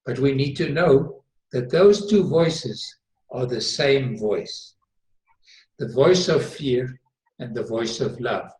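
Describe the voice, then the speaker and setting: A man's voice: medium pitch, expressive, takes it slowly, a little mellow. A man teaching Bible topics in a conversational discussion, earnest and emphatic, often repeating words for stress. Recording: roomy echo.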